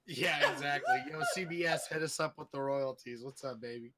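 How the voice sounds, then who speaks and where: A young man co-hosting a casual comedy podcast, laughing, swearing and reacting loudly. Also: on the high side, huge pitch swings, fairly quick, heavy background noise. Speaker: podcast co-host.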